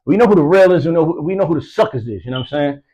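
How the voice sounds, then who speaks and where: A man's voice: on the high side, lively intonation, racing, dark tone, husky, low-quality recording. A man giving casual boxing commentary, rambling with lots of fillers and street slang, from the US East Coast. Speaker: boxing news vlogger.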